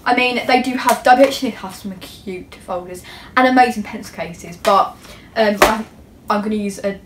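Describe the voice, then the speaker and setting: A woman's voice: medium pitch, normal speed, echoey room, distant mic, background noise. A teenage girl, chatting in a gushing, self-mocking way as she shows off school supplies in a casual vlog. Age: teens. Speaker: YouTuber.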